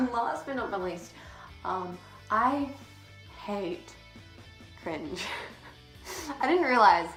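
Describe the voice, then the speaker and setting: A woman's voice: medium pitch, lively intonation, drawn-out words, long pauses, fairly bright tone, soft background music. Teen girl vlogger, breathless and giggly, casual swearing, roomy echo. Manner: chatty, swears casually, laughs often. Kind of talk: casual chat to camera. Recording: echoey room.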